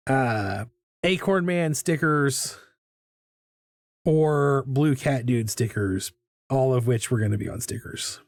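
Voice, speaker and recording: A man's voice: mid-range voice, darkish tone, no echo, clean studio sound. A middle-aged man hosting a live drawing stream, chatting casually and rambling with self-mocking asides as he draws. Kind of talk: casual chat while drawing. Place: home art studio.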